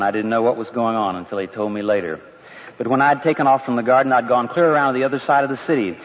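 A man telling a dramatic story in the first person, in an earnest, conversational way. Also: medium pitch. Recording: dull lo-fi with long reverb.

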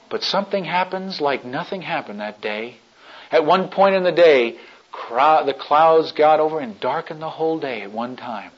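A male preacher telling a story in a sermon, swinging between hushed and loud delivery. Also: on the high side. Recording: dull lo-fi recording.

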